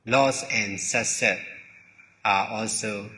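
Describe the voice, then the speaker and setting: Slow, halting monk in an echoing hall. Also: male voice, fairly low pitch, steady tone, sharp tone. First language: Burmese. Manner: halting, repeats words, pauses between short phrases. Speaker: monk teacher. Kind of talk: slow dharma talk. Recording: long hall reverb.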